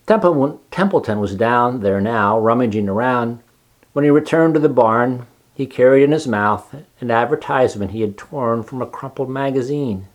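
In a calm, measured manner, a narrator reads aloud from a children's storybook; his voice sits at a medium pitch.

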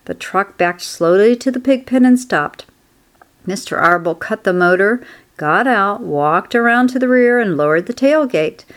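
A woman narrating a children's storybook aloud in a steady, expressive way. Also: medium pitch, unhurried.

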